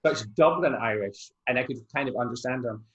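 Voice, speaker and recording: A man of middle pitch tells long, chatty anecdotes in a relaxed interview. His voice comes through a video call with dull, lo-fi sound. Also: fast talker. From Scotland. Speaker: Irish dance teacher and adjudicator. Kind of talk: casual interview chat.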